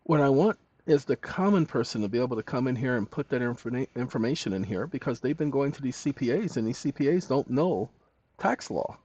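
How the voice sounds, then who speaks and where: A man's voice: mid-range voice, expressive, fairly quick, warm tone, dry recording. A man hosting a tutorial, dictating prompts aloud with spoken punctuation between loose, chatty asides. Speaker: channel host. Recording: dull lo-fi recording.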